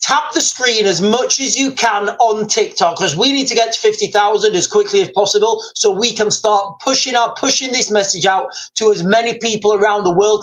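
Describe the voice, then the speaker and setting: A man hosting a live stream reads out viewer comments and talks straight to his audience, rambling and repeating himself. His high-pitched voice is a bit bright, captured in a low-quality recording.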